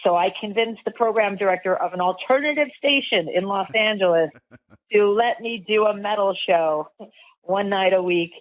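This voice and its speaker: A woman's voice: medium pitch, normal speed, dull audio. A woman who hosts a radio show, chatting as a podcast guest in a rambling way, with lots of fillers and restarts. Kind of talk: casual interview storytelling.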